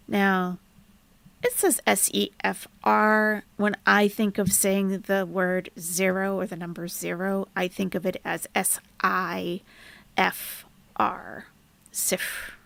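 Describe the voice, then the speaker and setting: A woman's voice: mid-range voice, slow pace, gravelly. A woman teaching numbers in a live online lesson, patiently repeating words for learners and greeting viewers in the chat. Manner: drops to a soft whisper while fiddling with the screen. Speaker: Arabic teacher on a live stream.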